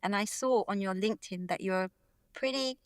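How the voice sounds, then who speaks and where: A woman's voice: medium pitch, moderate pace, clear, resonant tone, dry recording, studio quality. A woman from East London with a British accent, hosting a casual podcast interview and asking questions in a friendly, curious way. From East London, England. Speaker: podcast host.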